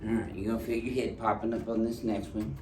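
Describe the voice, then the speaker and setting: A man's voice: fairly low pitch, level tone, fast talker, darkish tone. A man, a chiropractor joking and giving instructions to a patient while he treats her. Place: treatment room in a clinic. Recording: roomy clinic room, mic at a distance, background noise.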